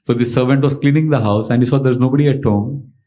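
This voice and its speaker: A man's voice: mid-range voice, quick pace, mellow. A man giving a storytelling sermon in a conversational lecturing manner. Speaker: monk and lecturer.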